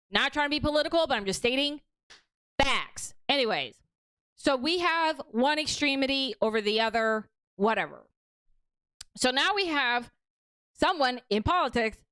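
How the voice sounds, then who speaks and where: A woman's voice: high-pitched, fairly bright tone, no room sound. A young adult woman hosting a casual commentary livestream, talking bluntly with lots of swearing. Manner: blunt, profane, ranting. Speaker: stream host.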